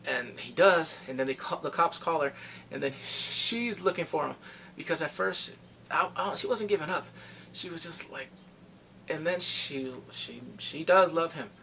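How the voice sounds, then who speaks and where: A man recapping a film in casual chat, animated and full of reactions. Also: a little high, moderate pace, creaky, a little hiss or hum. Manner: animated, reacts with exclamations and gasps. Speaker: movie reviewer.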